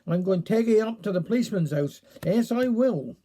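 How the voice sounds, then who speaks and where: A man's voice: high-pitched, animated, a little fast, warm tone. A man with a Cornish accent voicing a blustering old farmer who guards his apples, in a spoken story. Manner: blustering, bossy.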